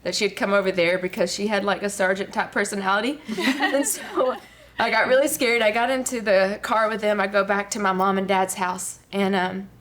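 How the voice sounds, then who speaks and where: A woman's voice: medium pitch, fairly even intonation, a little fast, few pauses, fairly bright tone. Lady guest telling her life story, earnest, lots of um and like. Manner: earnest storytelling with many fillers. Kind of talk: personal testimony on a talk show.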